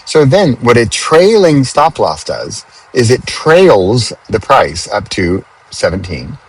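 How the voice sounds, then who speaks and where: A man hosting a podcast, talking casually from a car on a highway and thinking aloud with frequent restarts. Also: big pitch swings, takes it slowly, husky, low-quality recording. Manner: chatty, thinks aloud with restarts and self-corrections. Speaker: podcast host. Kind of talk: casual spoken reflection.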